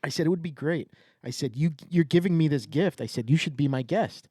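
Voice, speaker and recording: A man's voice: on the high side, brisk, mellow, breathy edge, no room sound, studio quality. Middle-aged man telling a jokey story. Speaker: podcast co-host. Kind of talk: casual chat.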